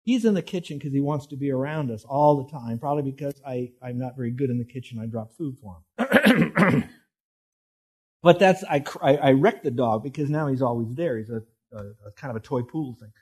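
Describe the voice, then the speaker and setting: A man's voice: medium pitch, expressive, a little fast, husky. A man preaching a sermon, telling folksy, self-deprecating stories full of restarts before turning to scripture. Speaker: pastor.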